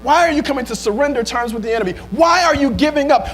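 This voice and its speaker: A male pastor preaching a sermon, asking the same questions again and again, stumbling over restarts and rising to shouts. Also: very high-pitched, animated, quick pace, few pauses, soft background music.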